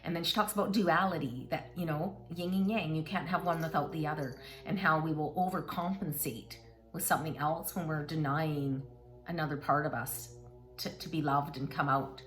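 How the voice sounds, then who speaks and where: A woman's voice: low-pitched, steady tone, moderate pace, faint music behind. A middle-aged woman hosting a casual book talk, chatting and reading passages aloud in an encouraging way with asides to her listeners.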